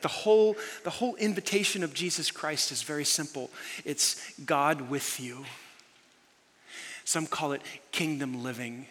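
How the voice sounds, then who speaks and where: A man preaching a sermon as pastor, telling a story with animated emphasis. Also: fairly high pitch. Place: large church hall. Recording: long reverb in a large hall.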